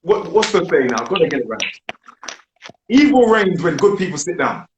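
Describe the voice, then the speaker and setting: A man's voice: fairly high pitch, sing-song, moderate pace. Emphatic British man, roomy sound. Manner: emphatic, preachy, asks rhetorical questions. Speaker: discussion host. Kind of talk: group discussion. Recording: roomy with faint noise.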